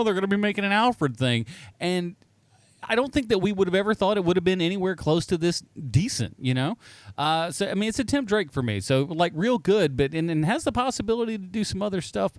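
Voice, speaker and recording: A man's voice: fairly high pitch, no echo. A man co-hosting a casual podcast chat, rambling and correcting himself as he goes. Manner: animated, rambling, self-correcting. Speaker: podcast co-host.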